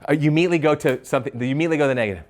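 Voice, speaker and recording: A man giving a live leadership workshop, animated, asking the audience questions and stumbling over quick restarts. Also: on the high side. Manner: animated, asks the crowd questions, stammers on restarts. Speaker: leadership speaker.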